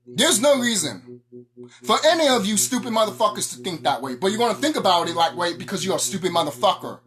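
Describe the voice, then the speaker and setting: Animated, angry ranting woman. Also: on the low side, fast, soft background music. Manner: angry, profane, confrontational. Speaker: vlogger. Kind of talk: ranting monologue to camera.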